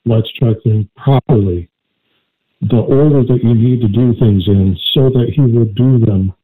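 A man co-hosting a call-in radio show, chatting casually and telling a rambling joke with many halting restarts. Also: mid-range voice. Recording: tinny phone-like line.

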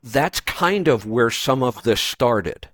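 A man hosting a radio show in casual chat, opinionated and talking quickly with many restarts. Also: medium pitch, animated, a bit bright, no room sound. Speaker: radio host.

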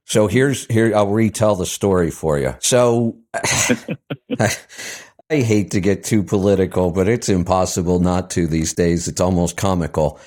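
A man's voice: low-pitched, measured pace, a little mellow. A man hosting a call-in radio show, chatting casually and telling stories with mimicked voices.

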